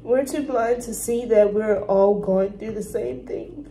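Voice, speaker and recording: A woman reaction vlogger cries as she talks to her viewers, halting and heartfelt. Her voice is mellow and a little high, and she speaks very slowly. A faint hiss of room noise sits under her voice. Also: poor audio. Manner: tearful, halting, heartfelt, full of restarts. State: crying. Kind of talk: emotional casual monologue to viewers.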